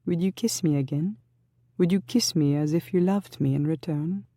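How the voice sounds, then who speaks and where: A narrator voicing a bold young noblewoman who speaks softly and throatily, in a dry recording. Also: low-pitched, normal speed, dry recording, pitched above the performer's own voice. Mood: pleading. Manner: soft, throaty, urgent.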